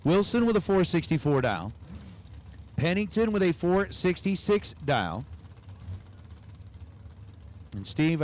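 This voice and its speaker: A man with a slightly high, slightly mellow voice announces drag races on a livestream, calling numbers and talking to the chat between runs.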